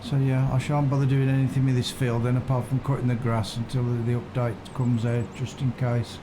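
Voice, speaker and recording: Male streamer, chatty and thinking aloud, mid pitch, steady hum of noise behind. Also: brisk. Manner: musing, unsure, chats with viewers. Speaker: game streamer. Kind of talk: casual live-stream commentary. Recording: constant background noise.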